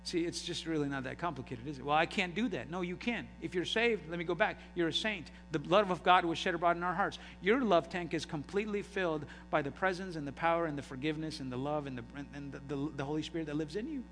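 A middle-aged male pastor preaching a sermon, passionate and building to loud, emphatic peaks. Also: a little high, fast talker, few pauses, long reverb tail, slight background noise. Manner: impassioned, rising to shouts. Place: church sanctuary.

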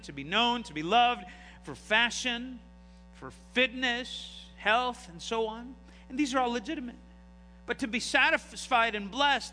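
A middle-aged man preaching a sermon as pastor, animated and full of rhetorical questions. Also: sits high. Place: church sanctuary. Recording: hall reverb, faint noise.

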